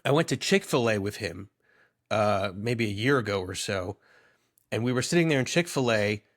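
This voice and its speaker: A man's voice: fairly low pitch, expressive, normal speed. A young man co-hosting a podcast in casual comedic chat, teasing his friend and rambling into jokey asides. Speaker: podcast co-host.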